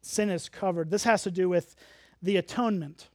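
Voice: medium pitch, moderate pace, a little mellow, no echo, clean studio sound. A pastor preaching a sermon, earnest and emphatic, explaining the meaning of words as they teach.

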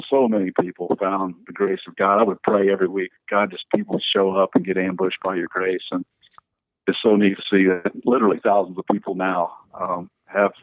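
His voice sits low, and the recording is dry and tinny like a phone call, without echo. As a pastor who plants churches, he tells lively, rambling stories in an interview podcast, often restarting and filling pauses.

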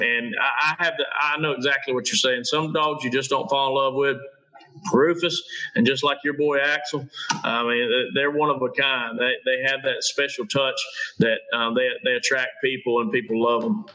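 A man's voice: mid-range voice, steady tone, normal speed, pushed and bright, low-quality recording. A man, a guest on a podcast, talking about his work in an earnest, matter-of-fact way. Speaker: guest, dog trainer. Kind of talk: casual podcast chat.

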